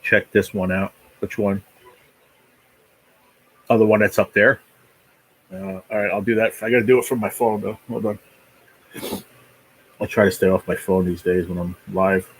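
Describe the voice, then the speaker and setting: A man's voice: fairly low pitch, steady tone, moderate pace, pauses often, a little hiss or hum, low-quality recording. A man hosting a casual live stream, rambling easily and chatting while he eats. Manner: rambling, easygoing, talks while eating. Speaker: livestream host.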